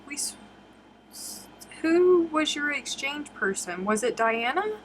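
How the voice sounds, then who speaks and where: A woman's voice: on the high side, sing-song, measured pace, a bit bright, a little hiss or hum. Chatty woman hosting a live stream. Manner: chatty, reads viewer comments aloud and answers them. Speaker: crochet live-stream host. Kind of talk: casual live-stream chat. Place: home, on a live webcam stream.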